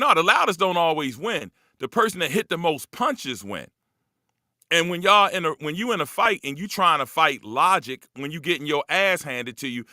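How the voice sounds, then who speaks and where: A man speaking hosts a casual live talk, loose, profane and rambling. His voice is bright and forceful and a little high. It is close-miked and dry, with no room around it. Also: no echo. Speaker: host. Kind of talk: casual monologue to a live audience.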